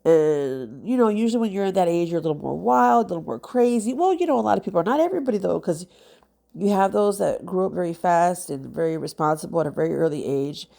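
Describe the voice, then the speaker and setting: A woman's voice: fairly low pitch, animated, fast talker, creaky, warm tone. A woman, a mother, talking casually and heartfelt to camera as a nail vlogger, rambling with many fillers and sounding congested. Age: adult with children.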